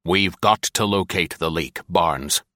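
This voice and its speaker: A man voicing a stern, gruff older naval admiral with a raised, emphatic delivery in a read-aloud story. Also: deep voice, slow, bright, forceful tone, no room sound, clean studio sound, exaggerated voice.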